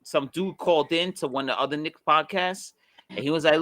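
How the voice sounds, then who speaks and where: A man co-hosting a podcast, talking sports in a casual, animated way and laughing easily. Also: a little high, fairly quick, no room sound, studio quality. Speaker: podcast co-host.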